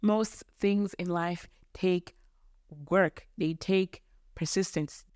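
A woman's voice: fairly low pitch, fairly even intonation, slow pace, a little mellow, clean tone, dry recording, studio quality. A young woman from Mozambique hosting a solo podcast from her bedroom, ranting casually in a rambling, self-deprecating way with casual swearing. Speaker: podcast host.

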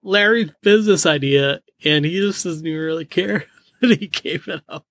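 A man's voice: on the high side, moderate pace, no room sound. Rambling man on a casual podcast. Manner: rambling, filler-heavy, trails off quietly. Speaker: podcast co-host. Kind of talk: casual episode recap chat.

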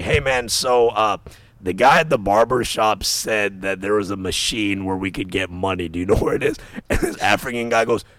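Young man, low voice, dry close sound, animated storyteller. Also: no room sound. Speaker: storyteller among friends. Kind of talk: casual podcast chat.

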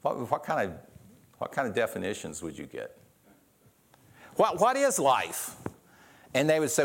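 A man delivering a sermon at an ordinary middle pitch. He preaches earnestly, often restarting phrases and repeating words as he builds his point. He poses rhetorical questions to his listeners. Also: huge pitch swings, unhurried, creaky, long pauses. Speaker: pastor.

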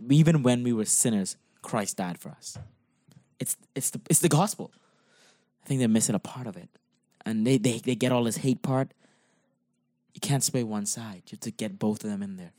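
A man's voice: lowish voice, dark tone, no room sound, clean studio sound. A man who preaches, talking through his faith in a casual discussion, earnest and impassioned, pressing his points with emphasis.

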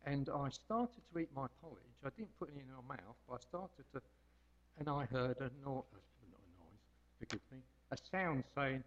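A man's voice: medium pitch, lively intonation, normal speed, dull audio. A man giving an informal devotional talk as a lay preacher, homely and rambling, hesitating with frequent ums.

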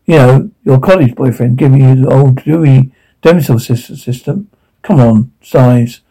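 An awkward, bashful young man, played by an actor, tells a rambling story and keeps cutting himself off to restart. His voice is husky and gravelly, with a dark, mellow tone. The delivery is natural, like a scene from a film. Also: medium pitch, moderate pace, close to an everyday voice, rough recording. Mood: sheepish. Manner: rambling, self-interrupting. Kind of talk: naturalistic screen acting.

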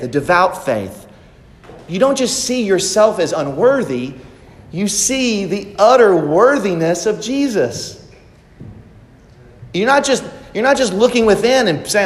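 A man preaching a sermon as pastor, emphatic and repeating phrases for stress. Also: sits high. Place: church sanctuary. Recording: echoey church hall.

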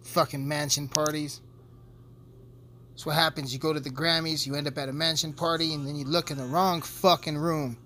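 A man's voice: fairly high pitch, steady tone, moderate pace, pushed and bright, a little hiss or hum. A man rambling through a profane, joking casual monologue as a podcast host. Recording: music playing behind.

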